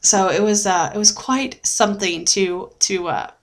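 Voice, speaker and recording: A woman's voice: medium pitch, unhurried. A young adult woman talking in a casual video diary, chatty and rambling with lots of fillers, often laughing and getting emotional. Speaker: vlogger sharing a weight-loss journey.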